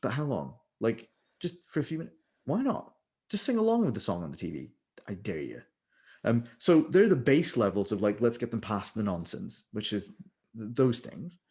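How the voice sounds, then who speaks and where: A man, a vocal leader, talking in an animated, explanatory way and now and then demonstrating with sung syllables. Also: mid-range voice, a little fast. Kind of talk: conversational interview.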